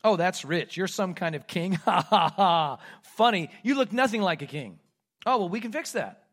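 A sneering Roman soldier, cruel and full of loud mockery, as a preacher puts him on. The voice sits high for a man and punches out each taunt. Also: animated, normal speed, full character voice. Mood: jeering.

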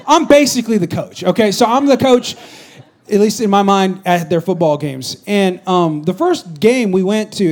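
A man in his thirties preaching, telling a personal story in an animated, joking way. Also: high-pitched. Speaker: pastor. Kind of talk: sermon.

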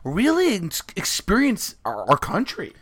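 An American man co-hosting a deadpan comedy chat, rambling with halting restarts. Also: high voice, crowd noise. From United States. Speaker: co-host.

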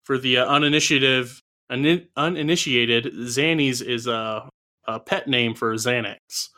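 Bright-voiced man recapping a film dryly. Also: mid-range voice, a little slow. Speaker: podcast co-host. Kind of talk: casual chat, recapping a movie from notes.

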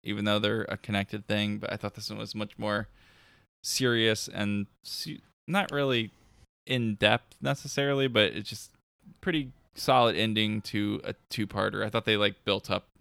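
Low gravelly man chatting casually. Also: steady tone, moderate pace, a bit bright, dry recording. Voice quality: low gravelly voice, filler-heavy. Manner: laid-back, many "like" and "um" fillers. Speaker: podcast co-host. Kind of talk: casual chat.

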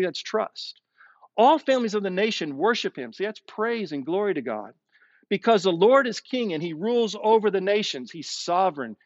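A male pastor preaching a streamed sermon, slowing down and dropping his voice low to stress key words. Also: no echo, highs cut off. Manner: expressive preaching, slows down and drops low for emphasis. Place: streamed sermon with online chat.

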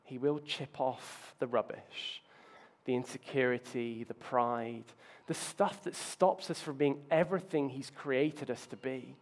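A man's voice: mid-range voice, measured pace. A man preaching a sermon, telling self-mocking stories with playful asides. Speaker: pastor.

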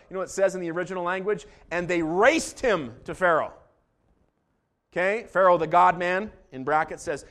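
Pastor guy preaching, jokey and lively, voice a bit on the high side, quiet asides then big loud bursts. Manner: animated and joking, swings between calm asides and loud bursts. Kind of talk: sermon.

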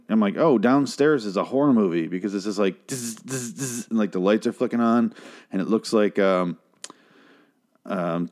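Here a man reviews a TV series on his podcast in a fairly low, somewhat mellow voice. He rambles casually, cursing freely and filling gaps with filler words.

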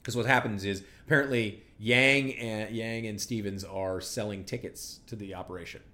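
A man's voice: on the low side, fairly even intonation, normal speed, sharp tone. A man co-hosting a podcast, recapping a TV episode in rambling, sardonic casual chat full of fillers. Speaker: podcast co-host.

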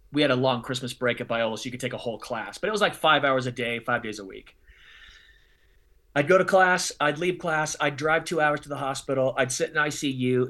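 A man, a guest in an interview, telling a personal story with blunt, informal wording and sudden emphatic swings in pitch and loudness. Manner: blunt and informal, calls people bro and dummy.

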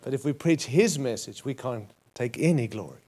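A man's voice: mid-range voice, lively intonation, normal speed, darkish tone. A man with an Australian accent preaching a sermon as pastor, emphatic and building to punchy repeated phrases.

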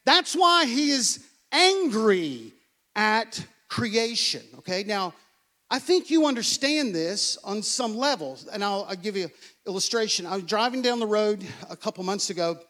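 A man's voice: high voice, very animated, unhurried, bright, forceful tone. A man, a pastor, preaching a sermon in an earnest way, often asking "okay?" and repeating phrases.

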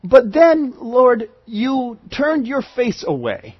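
High-pitched guy preaching, earnest, goes from loud pleading to quiet asides, dry slightly dull audio. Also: very animated, takes it slowly, husky, no echo. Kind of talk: sermon.

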